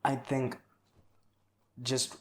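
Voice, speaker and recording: A man chats about films in a relaxed, meandering way, with exclamations and casual swearing. His voice sits at an average pitch. The room gives his voice a noticeable echo. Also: drawn-out words. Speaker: podcast co-host. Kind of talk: casual film discussion. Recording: roomy echo.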